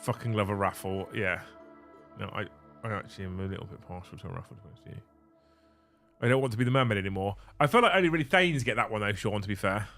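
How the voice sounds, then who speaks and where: A man's voice: on the low side, expressive, quick pace, a bit bright, soft background music. A man hosting a hobby livestream, chatting casually with rambling, sweary banter. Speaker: livestream host.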